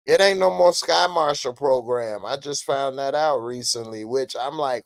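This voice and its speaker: A man hosting a podcast in casual commentary, animated and slangy, laughing often. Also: mid-range voice, normal speed, few pauses, no echo. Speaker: podcast host.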